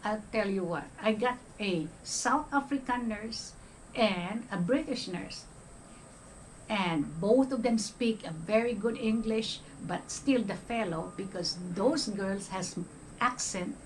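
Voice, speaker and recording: Emphatic older Filipina with a raised voice. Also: female voice, a little high, slight background noise, low-quality recording. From Philippines. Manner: emphatic, checks in with "okay?". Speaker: retired nurse vlogger. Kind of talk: casual monologue.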